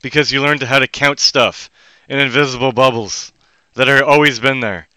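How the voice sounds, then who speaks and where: A man rambling on a solo live stream at home, jumping between loud outbursts and low muttering. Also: steady tone, moderate pace, no echo.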